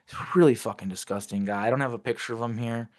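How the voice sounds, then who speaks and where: A man's voice: mid-range voice, fast talker. A man talking as an interview guest, recounting memories casually but intensely and swearing freely.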